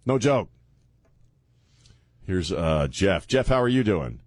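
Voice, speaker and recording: A man's voice: deep voice, sing-song, slow, dry recording. A man hosting a talk radio show, joking loosely and slipping into mock voices. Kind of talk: comedic talk radio banter.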